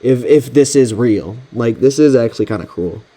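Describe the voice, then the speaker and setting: A man's voice: medium pitch, animated, moderate pace, mellow. A man giving casual reaction commentary on text messages he is reading, exasperated and slangy, swearing often. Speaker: content creator.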